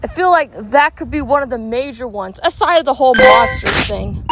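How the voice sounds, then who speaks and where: Woman, high voice, casual gaming vlog, thinking out loud, loud background noise. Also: lively intonation, normal speed. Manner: chatty, musing aloud. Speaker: gaming vlogger. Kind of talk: casual speculative commentary while playing.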